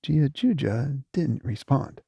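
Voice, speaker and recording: Man reading a story, husky, mellow, animated. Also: mid-range voice, slow, dry recording, clean studio sound. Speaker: audiobook narrator. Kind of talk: scripted narration.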